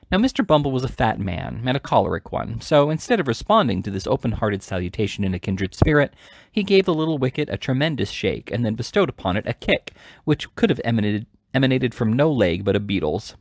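Male audiobook reader, gravelly and low, dry close mic, prone to small stumbles. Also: very animated, a little fast, no room sound. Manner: frequent slips and restarts mid-word. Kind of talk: reading a classic novel aloud.

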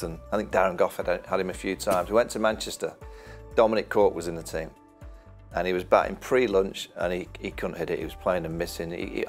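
A middle-aged man from England, a former cricketer, telling animated anecdotes in casual chat and laughing often. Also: sits low. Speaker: cricket pundit, former player.

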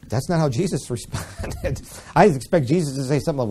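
Male Bible teacher, warm and mellow, chatty, restarts a lot. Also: mid-range voice, lively intonation, fast, husky. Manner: casual and rambling, with frequent restarts.

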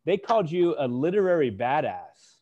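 A man's voice: a little high, big pitch swings, normal speed, muffled recording. A man hosting a podcast interview, introducing his guest with effusive, enthusiastic praise. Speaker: podcast host. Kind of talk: casual interview chat.

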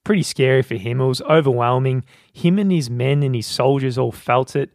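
A man co-hosting a podcast, talking through a book's ideas in a relaxed, conversational way. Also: mid-range voice, a little fast, creaky, dry recording, clean studio sound. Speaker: podcast co-host. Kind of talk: casual book discussion.

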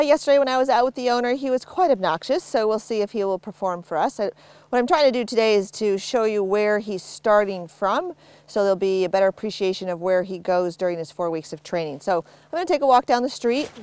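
A middle-aged woman dog trainer explaining basic commands in a relaxed, instructional way while working with a dog. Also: brisk, clear, resonant tone. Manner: relaxed explaining, cheerful high praise to the dog. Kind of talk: instructional demonstration.

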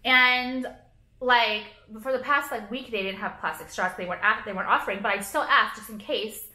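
A woman's voice: fairly high pitch, moderate pace, sharp tone. A young woman talking straight to camera in a casual vlog rant, swearing often and saying "like" constantly. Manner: profane, filler-heavy, sarcastic. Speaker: vlogger. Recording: echoey room.

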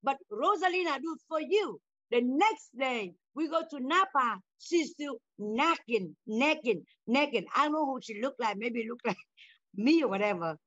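A high-pitched older woman argues with her grown daughter in broken, halting English, repeating her words for emphasis. The sound is dull and lo-fi, tight and dry with no room to it. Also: lively intonation, a bit bright, dry recording. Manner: confrontational, repeats phrases, non-native broken English. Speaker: mother in a family talk show. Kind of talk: heated family conversation.

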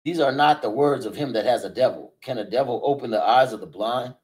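A man's voice: mid-range voice, a little fast, a little mellow, rough recording. A man steadily reading King James scripture aloud for a Bible study. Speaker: scripture reader.

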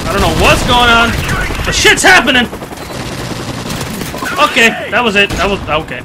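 Excitable high-voiced man whooping over gunfire. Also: moderate pace, heavy background noise. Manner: excitable, swears and whoops between muttered self-talk. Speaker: gaming commentator. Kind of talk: excited gameplay commentary. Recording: loud game gunfire under the voice. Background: gunfire and explosions from the game.

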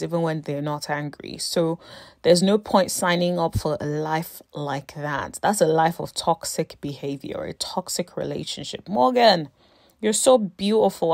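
A woman with a lowish, slightly mellow voice and some vocal fry gives a casual, emphatic review of a reality show. She addresses the cast directly with exasperated asides, calling people honey and sis. The recording is studio quality with no room sound.

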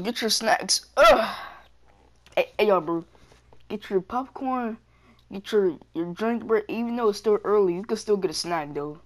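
Excitable trash-talking male gamer. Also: sits high. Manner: excitable trash-talking, slangy filler words. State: out of breath. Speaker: gaming channel host. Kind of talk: live gameplay commentary.

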